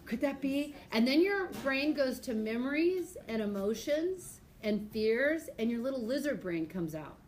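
Animated woman teaching biology. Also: on the high side, measured pace, hardly any pauses, echoey room. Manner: lively, acts out voices and laughs often. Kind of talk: classroom lecture with anecdotes. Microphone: tablet screencast mic.

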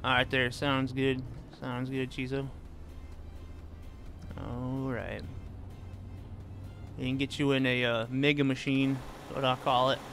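A man's voice: medium pitch, little pitch movement, slow, long pauses, fairly bright tone, faint music behind. A man casually chatting with his viewers while he plays a truck-driving game, reading their messages and answering them by name. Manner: laid-back, reads chat aloud and answers viewers. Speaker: gaming streamer. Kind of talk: casual live-stream chat while driving.

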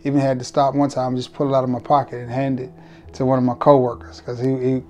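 Laid-back man with a mellow voice. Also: medium pitch, completely flat delivery, fast, muffled recording. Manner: laid-back, joking, colloquial, talks straight to viewers. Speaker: fragrance reviewer. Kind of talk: casual fragrance review vlog.

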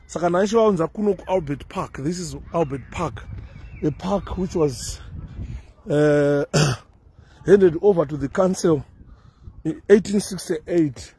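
A man from Zimbabwe, with a fairly high voice that carries a slight husk, talks his viewers through an outdoor city park. He keeps it loose and conversational, drifting between asides, and a handheld phone catches him outdoors. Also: takes it slowly, dark tone, husky. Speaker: vlogger. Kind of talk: casual walking commentary.

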